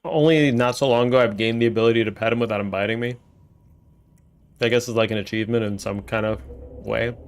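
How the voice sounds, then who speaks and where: A man's voice: medium pitch, steady tone, fast, smooth. A man streaming a game, casually thinking aloud and rambling between tasks. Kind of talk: casual gameplay commentary.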